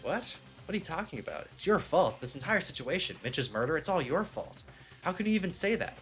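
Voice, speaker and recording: A man's voice: fairly high pitch, big pitch swings, a little fast, fairly bright tone, soft background music, voice pushed up. A man voicing a cowardly young male soccer star who pleads desperately. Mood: indignant.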